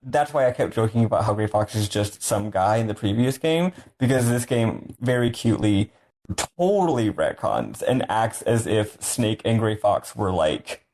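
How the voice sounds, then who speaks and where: Male podcast co-host, lowish voice, rambling and self-correcting. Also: expressive, moderate pace, darkish tone. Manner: rambling, thinking aloud, correcting himself. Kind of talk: casual podcast chat.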